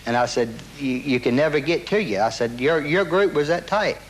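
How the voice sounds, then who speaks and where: A man's voice: fairly high pitch, normal speed, slight background noise, poor audio. A man in an interview telling a story in a casual way, acting out quotes with many repeats and restarts, and swearing now and then. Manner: animated retelling, heavy quoting, repeats and restarts, swears.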